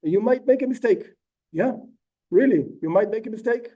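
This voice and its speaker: A rabbi teaching a text lesson informally, animated, acting out quotes and tossing in asides. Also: male voice, sits high, normal speed, far from the mic, lo-fi sound. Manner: animated, acts out quotes, frequent asides like "whatever".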